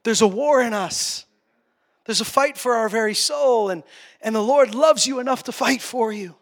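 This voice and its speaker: A male pastor preaching a sermon, passionate, swinging between quiet, tender passages and loud, urgent ones. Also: extremely high pitch, normal speed.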